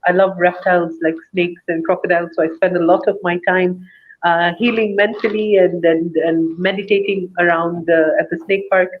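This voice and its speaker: A woman, a guest on a live online panel, speaking hesitantly with restarts. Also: fairly low pitch. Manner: hesitant, restarts, light laughs. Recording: tinny phone-like line.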